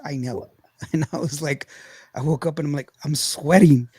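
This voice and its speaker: A podcast host with a drawl rambles through a long story, laughing often and acting out quotes as he goes. His husky voice sits a little high for a man, moving at normal speed, and the recording is close and dry with no room sound.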